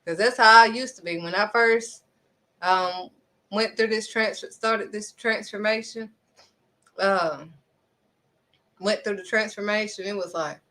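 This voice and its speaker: A woman's voice: mid-range voice, unhurried, long pauses, pushed and bright. A woman speaking earnestly and conversationally, giving spiritual encouragement with dramatic little asides. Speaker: faith vlogger.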